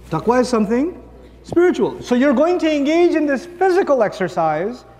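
High-voiced man preaching in a hall. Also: a little mellow. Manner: conversational, humorous, rhetorical questions to the audience. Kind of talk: sermon.

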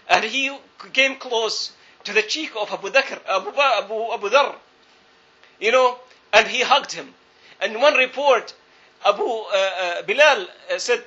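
A man delivers a sermon in a strikingly high voice, telling his story earnestly and circling back on phrases to drive them home. His tone is bright and forceful. The recording sounds dull and lo-fi. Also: moderate pace. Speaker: preacher.

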